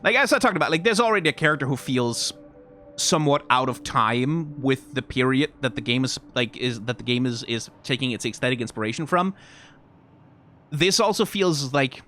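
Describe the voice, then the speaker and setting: A man reacting to game character designs in casual, rambling commentary, full of fillers, restarts and sudden excited jumps. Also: moderate pace, slight background noise. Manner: rambling, frequent fillers and self-corrections; animated, pitch jumps when excited.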